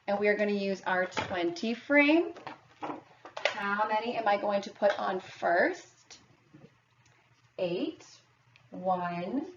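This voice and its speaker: Slow, patient woman teacher in echoey room. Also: medium pitch, a little hiss or hum. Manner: slow, patient counting aloud to young children. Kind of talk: early-grades math lesson. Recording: echoey, distant, dull camera audio with faint ambience.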